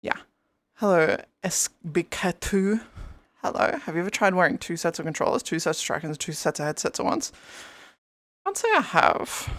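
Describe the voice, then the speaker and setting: A young woman live-streaming in casual chat, rambling and greeting her viewers by name over a headset mic. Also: lowish voice.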